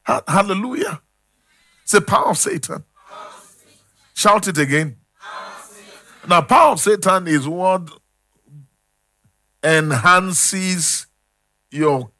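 A man preaching a sermon, calling out questions to the congregation and swinging between loud and hushed. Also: high voice, big pitch swings, slow pace, long pauses. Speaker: pastor.

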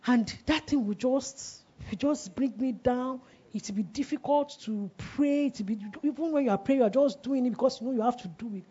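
A woman's voice: on the high side, brisk, mellow, slightly rough. A woman in her forties preaching a sermon, asking the congregation questions and letting them answer, with emphatic delivery. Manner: call-and-response questioning, emphatic. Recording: dull lo-fi recording.

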